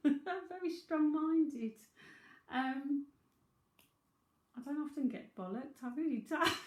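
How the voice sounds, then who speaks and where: A woman with a London Cockney accent giving a live psychic reading, chatty and thinking aloud with frequent laughs. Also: fairly high pitch. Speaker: psychic medium. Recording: roomy echo.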